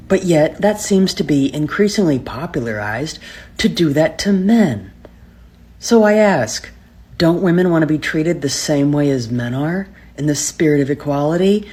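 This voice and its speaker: A speaker giving formal commentary in a measured, rhetorical way. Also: mid-range voice, lively intonation, a little mellow, breathy edge.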